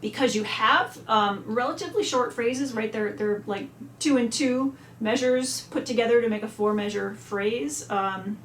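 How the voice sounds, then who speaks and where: A woman's voice: a little high, moderate pace, slight background noise. A woman giving a chatty music lesson, now and then singing phrases out on syllables. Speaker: music teacher. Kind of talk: instrument lesson walkthrough. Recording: echoey room, faint ambience.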